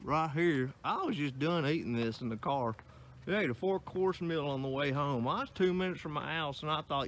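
A man's voice: fairly high pitch, lively intonation, moderate pace, fairly bright tone, slight background noise. Profane man ranting outdoors. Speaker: vlogger. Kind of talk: casual satirical vlog. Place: outdoors on a country roadside.

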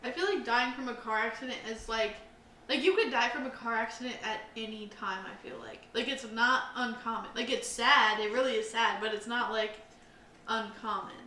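A young woman co-hosts a casual podcast, rambling through stories packed with fillers. Her fairly high voice is bright and forceful at a moderate pace, picked up by a roomy, slightly distant mic with slight background noise.

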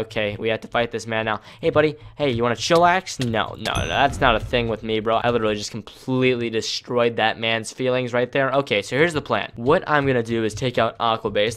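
An excitable young man hosts his gaming channel and comments on his own play as it happens. He talks casually and jokes with his viewers, and his voice sits at an ordinary middle pitch for a man. Faint noise and clicking can be heard behind him. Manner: excitable, jokey, chatty with viewers. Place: home room at night.

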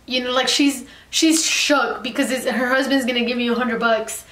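A woman's voice: on the high side, normal speed. A young woman vlogger telling a storytime in a chatty way, full of "like" fillers. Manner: chatty, heavy filler "like", animated retelling. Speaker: makeup artist and beauty vlogger. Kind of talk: casual storytime chat. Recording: echoey room.

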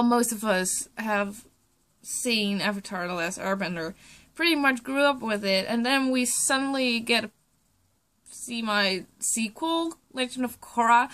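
Tearful young woman, slow and halting. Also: on the high side, fairly bright tone. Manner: halting, trailing off, swearing. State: tearful, choked up. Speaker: vlogger. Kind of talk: emotional reaction vlog.

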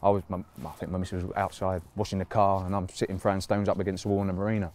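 A man's voice: sits low, level tone, racing, darkish tone. A man, a footballer reminiscing in a casual interview, rambling with lots of fillers and laughs. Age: 30s.

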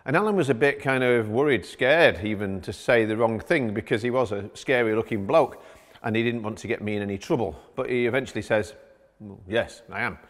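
Middle-aged pastor in an echoing hall. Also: male voice, on the low side, brisk. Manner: conversational storytelling. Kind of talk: sermon. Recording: long hall reverb.

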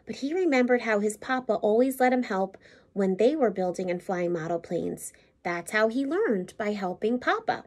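A woman reading a picture book aloud to young children, expressive and teacherly. She pauses to show the pictures and ask the listeners questions. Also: medium pitch. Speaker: school principal.

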